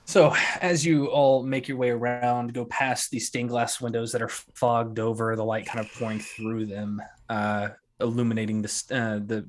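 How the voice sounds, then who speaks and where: A man narrating a tabletop role-playing game as game master, in a relaxed, hesitant way with many fillers. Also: medium pitch.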